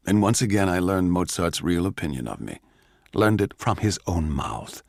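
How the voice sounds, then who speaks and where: A man giving a measured, urbane, theatrical scripted narration. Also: sits low, expressive, gravelly, a little mellow, no echo, clean studio sound. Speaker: actor reading as narrator.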